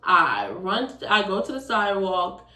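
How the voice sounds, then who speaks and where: A young woman in her twenties telling a storytime, casual and animated, swearing often. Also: mid-range voice, unhurried, a little hiss or hum. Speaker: vlogger. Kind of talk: storytime vlog. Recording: roomy, distant from the mic.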